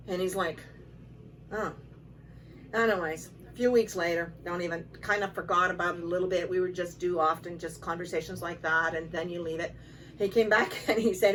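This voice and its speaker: A woman, executive director of a shelter, telling stories in a relaxed conversational way, quoting people as she goes. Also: on the low side, normal speed. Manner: conversational, relaxed, with fillers and quoted dialogue. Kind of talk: casual storytelling to camera. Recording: distant mic with faint background noise.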